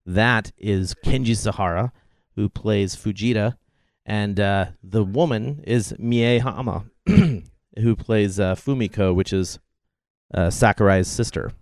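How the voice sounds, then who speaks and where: A man's voice: fairly low pitch, takes it slowly, darkish tone, no echo. Man, film commentary co-host, wry, trivia-heavy, dry close sound. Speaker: podcast co-host.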